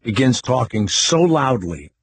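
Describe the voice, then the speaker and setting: An older man hosting a talk radio show, telling a story in a loud, animated way and acting out what people said. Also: mid-range voice, measured pace, breathy edge, no echo. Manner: animated storyteller, acts out quotes.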